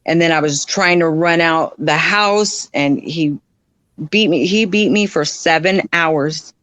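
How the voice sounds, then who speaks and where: A woman's voice: sits low, a bit bright, no room sound. Woman, podcast guest, frank, blunt, plain everyday speech, dry close sound. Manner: frank and blunt, many "like" and "um" fillers; acts out others' lines in quick voice shifts. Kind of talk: candid personal storytelling.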